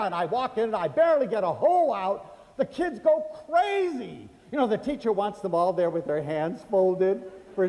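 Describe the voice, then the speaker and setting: Animated older man telling stories. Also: high voice. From United States. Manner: animated, acts out quoted voices, chatty fillers. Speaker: speaker telling personal stories. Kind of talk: storytelling lecture to an audience. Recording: hall reverb.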